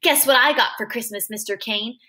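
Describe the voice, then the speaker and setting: A woman's voice: a little high, fairly quick, pushed and bright. A woman doing a small, fierce, bold boy. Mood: cool threat.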